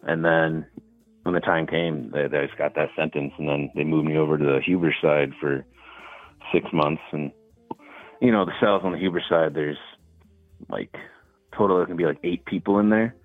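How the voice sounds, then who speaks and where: Homem de voz muito grave ao telefone. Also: male voice, rumbling low, fairly even intonation, normal speed, soft background music. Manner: laid-back storytelling with filler words. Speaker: caller. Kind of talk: casual phone call. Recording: tinny phone line.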